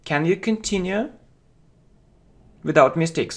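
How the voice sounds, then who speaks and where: A man teaches vocabulary at a very slow, careful pace, repeating words and phrases for his learners. His voice sits a little high for a man. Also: expressive. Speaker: English teacher.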